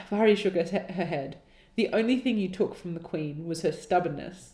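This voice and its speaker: Here a woman with a mellow, lowish voice speaks at a moderate pace as she co-hosts a podcast. She performs a dramatic reading of her own old writing, mocking it with exasperated laughter and sarcasm. There's a roomy echo on the recording.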